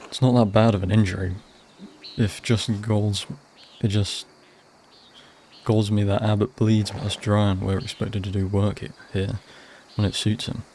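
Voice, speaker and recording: A man's voice: on the low side, little pitch movement, a little slow, darkish tone, slight background noise. A man reading the lines of a grumbling male village blacksmith aloud in his own plain voice. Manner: plain read-aloud delivery.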